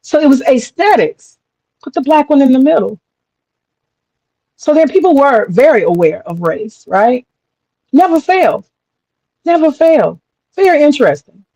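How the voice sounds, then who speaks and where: A woman's voice: high-pitched, very animated, normal speed, pauses often, warm tone, no room sound, lo-fi sound. Blunt, profane woman in a dry close recording. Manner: blunt and profane, acts out voices of others. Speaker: commentator. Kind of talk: casual monologue.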